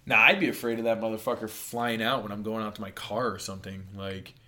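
A man, chatting casually as a podcast co-host, swearing a lot and telling animated stories. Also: fairly low pitch, fast. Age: 20s. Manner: swears a lot, animated storytelling with loud put-on shouts. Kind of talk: casual chat.

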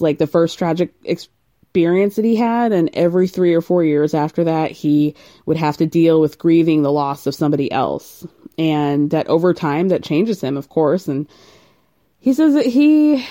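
A woman talks through a reality show recap in a relaxed, chatty way, and her low voice has a mellow, warm tone. She fills her talk with "like" and adds dry, sarcastic jokes along the way. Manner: chatty, sarcastic asides, frequent "like". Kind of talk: casual recap chat.

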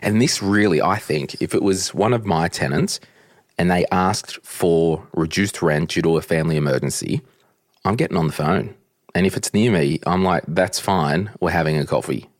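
Podcast host, male, low husky voice, blunt ranting chat, dry close mic. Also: normal speed, no echo.

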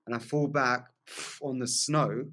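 Excitable man telling a wild story. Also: medium pitch, unhurried. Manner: vivid, excitable storyteller, laughs often, many "like" fillers. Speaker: podcast guest. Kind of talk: storytelling in casual conversation.

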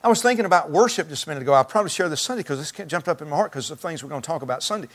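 A male pastor delivering a sermon in a relaxed, conversational manner, circling back and restarting as he thinks aloud. His voice sits a little higher than most men's. He speaks to his congregation in a church. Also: very fast. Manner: conversational, folksy preaching with restarts.

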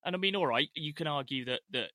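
A man's voice: on the high side, lively intonation, quick pace, sharp tone, dry recording, studio quality. A middle-aged man co-hosting a casual film discussion podcast, chatty with hesitant restarts. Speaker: podcast co-host.

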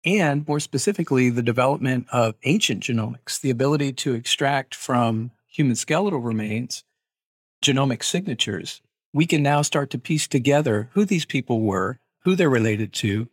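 A middle-aged man, an archaeologist, answering interview questions in a measured, explanatory way with hedging asides. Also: medium pitch, animated, slightly rough, no room sound, studio quality. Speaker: archaeologist guest.

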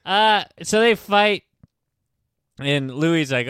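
A man's voice: mid-range voice, big pitch swings, slow, fairly bright tone, smooth, dry recording, studio quality. Rambling, filler-heavy casual man. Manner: rambling, profane retelling full of fillers. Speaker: podcast host retelling a book. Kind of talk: casual chat.

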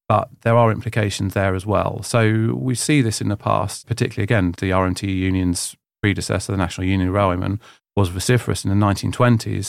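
A man's voice: fairly low pitch, vocal fry, no room sound, clean studio sound. A man who lectures in history, answering interview questions in a thoughtful, explanatory way.

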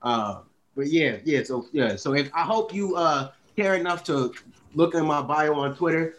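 A man's voice: on the high side, expressive, moderate pace, a bit bright. A man speaking in a casual, heated podcast chat, profane and rambling with lots of fillers. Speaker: podcast co-host.

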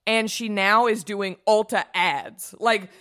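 This is a woman co-hosting a chatty beauty podcast, with a middle-pitched voice. She gushes enthusiastically about what she loves and picks up speed whenever she gets excited. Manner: enthusiastic, gushing, talks fast when excited. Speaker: podcast co-host. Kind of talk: casual chat.

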